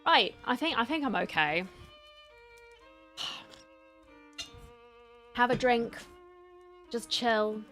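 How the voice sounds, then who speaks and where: A woman's voice: a little high, animated, very slow, pauses often, fairly bright tone, faint music behind. A woman streaming from home, chatting casually with her viewers and greeting them by name, a little tired from the heat. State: tired from heat and poor sleep. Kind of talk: casual live-stream chat.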